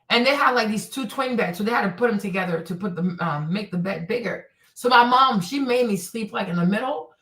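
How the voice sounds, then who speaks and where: A woman hosting her own stream, telling stories and ranting bluntly in casual, profane, animated commentary. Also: mid-range voice, far from the mic. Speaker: streamer host. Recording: echoey room, voice a bit off-mic.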